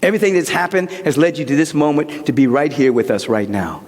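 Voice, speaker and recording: A man preaching a sermon as pastor, swinging from soaring shouts to hushed whispers. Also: a little high, fast. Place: large church hall. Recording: hall reverb.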